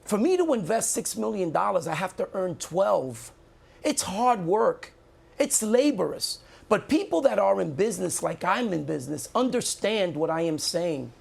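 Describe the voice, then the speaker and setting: An indignant man defends himself in a live studio debate. His voice has a gravelly, creaky edge and he leans hard on his points, repeating them for weight. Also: high voice, very animated, moderate pace. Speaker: mayoral candidate.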